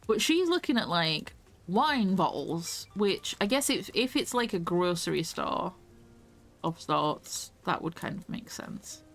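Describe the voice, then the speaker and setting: Gravelly-voiced woman streaming a game. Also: fairly low pitch, big pitch swings, a little slow, faint music behind. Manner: chatty, swears casually, laughs often. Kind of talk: live gameplay commentary.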